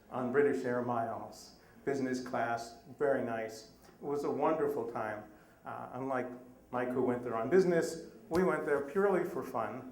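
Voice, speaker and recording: A middle-aged man telling a personal story on a live stage, animated and self-deprecating. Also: medium pitch. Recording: echoey live room.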